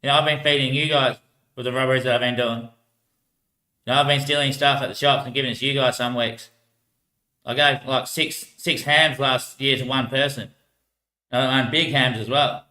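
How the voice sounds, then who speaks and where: An Australian man rambling through casual stories about life on the streets, laughing often and trailing off quietly at the ends of his lines. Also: mid-range voice, steady tone, normal speed, roomy sound. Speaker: homeless man telling stories.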